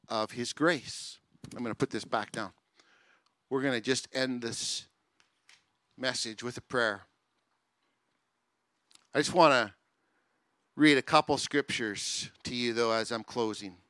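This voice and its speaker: A male pastor preaching a sermon with passion, moving from soft, quiet stretches to loud, rising appeals. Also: mid-range voice, clear, resonant tone, no echo.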